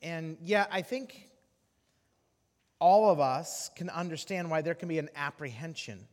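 A man preaching as a guest speaker, telling a story with animated acted-out voices and frequent restarts. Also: fairly high pitch, measured pace. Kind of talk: sermon storytelling. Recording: long hall reverb.

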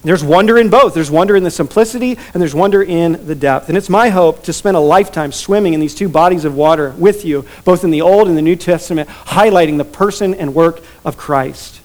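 A man's voice: on the high side, a little fast, hardly any pauses, darkish tone. A man pastor preaching a sermon earnestly, building to emphatic repeated lines.

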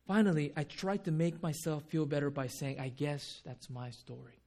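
A man preaching a sermon, animated and dramatic, acting out people's reactions with sudden louder bursts. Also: on the high side. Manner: animated, acts out voices with sudden loud outbursts. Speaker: pastor.

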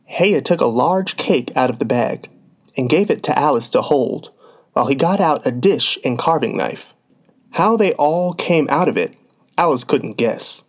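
Slow-reading male storyteller. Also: mid-range voice, expressive. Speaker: narrator. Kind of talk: storybook read-aloud.

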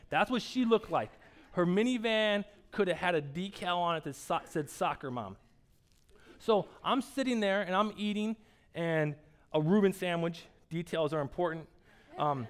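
High-voiced man telling a sermon story. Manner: rambling, repeats words when starting sentences. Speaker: pastor.

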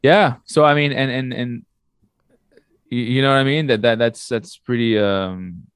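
A man's voice: medium pitch, a little slow, clean tone, dry recording, clean studio sound. A man co-hosting a casual podcast, talking in an easygoing way with frequent hesitations and reading news items aloud. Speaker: podcast co-host. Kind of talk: casual chat.

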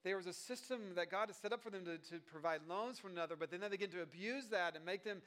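High-voiced male pastor, chatty sermon. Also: quick pace, a bit bright. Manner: conversational, joking asides, many fillers and restarts.

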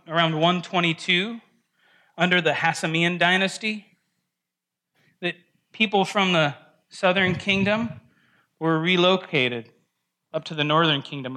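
A man leads a casual Bible study in a church classroom, his voice bright and forceful and sitting a little high. He talks loosely to the group, checks in with questions and often restarts his sentences. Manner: conversational, asks the group questions, frequent restarts and "right?". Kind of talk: informal classroom teaching.

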